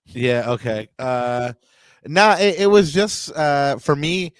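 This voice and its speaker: A man's voice: a little high, lively intonation, takes it slowly, clear, resonant tone, no room sound. A man co-hosting a soccer podcast, talking casually and rambling with lots of fillers and restarts. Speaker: podcast co-host. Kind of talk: casual sports podcast chat.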